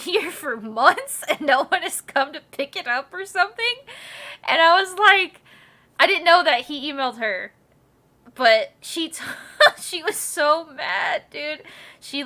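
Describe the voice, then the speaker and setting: A young woman streaming, telling her chat a story in a casual, animated way. Her voice sits a little high and sounds very bright and crisp. She laughs through her words and swears freely.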